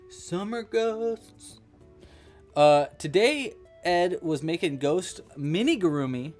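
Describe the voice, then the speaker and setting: Chatty man with a lively pitch. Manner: chatty, joking, thinks aloud while working. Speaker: livestream crochet host. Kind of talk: casual live crochet-along chat.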